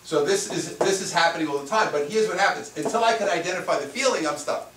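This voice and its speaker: Male spiritual teacher addressing a small room, somewhat high-pitched, recorded from across the room. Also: quick pace, a bit bright. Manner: repetitive, asks rhetorical questions. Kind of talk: workshop teaching to a live audience. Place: room with a small live audience. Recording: echoey room, mic far off, faint noise.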